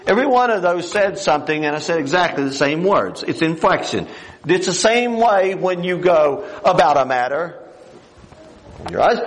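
Older male preacher, high-pitched, folksy and rambling, heard from a distant mic at times. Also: big pitch swings, normal speed. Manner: folksy, rambling, with restarts and plain country grammar. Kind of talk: sermon.

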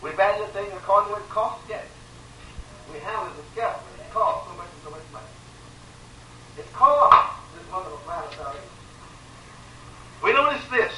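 A man preaching a sermon with emphatic repetition, swinging between loud pleading and quiet, sorrowful lines. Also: high-pitched, lively intonation, a little fast, long pauses, background noise. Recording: echoey room from far off, faint ambience.

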